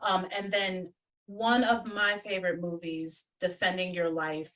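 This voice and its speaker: A woman's voice: fairly low pitch, level tone, a little slow, a bit bright. Woman psychic medium, casual guest, blunt and salty-mouthed, distant video-call audio. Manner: blunt, swears freely. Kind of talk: casual chat. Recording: distant from the mic.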